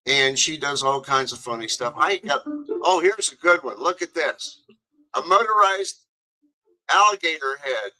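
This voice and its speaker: A man's voice: a little high, lively intonation, a little slow, pushed and bright, low-quality recording. A man hosting a talk radio show, rambling and chatty with many fillers.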